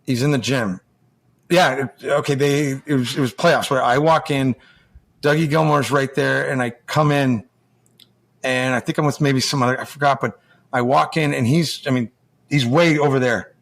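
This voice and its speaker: An American man spins long, loose stories in an easy, mid-pitched voice. He keeps stopping, restarting and acting out what other people said. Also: steady tone, normal speed. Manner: rambling, full of restarts and acted-out quotes. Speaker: guest, former hockey player. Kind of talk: casual storytelling.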